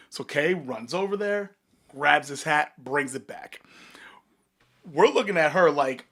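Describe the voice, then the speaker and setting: A man's voice: on the high side, unhurried. A young man co-hosting a podcast, telling a bar story in casual chat, acting out quotes and swearing freely. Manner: animated, swearing storyteller who acts out quotes. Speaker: podcast co-host.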